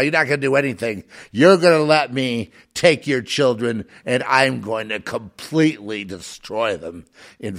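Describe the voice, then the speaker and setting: Contemptuous male tyrant, done by a man, mocking, domineering, pitch leaping all over. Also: creaky, a bit bright. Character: sneering arrogant male tyrant elite, contemptuous.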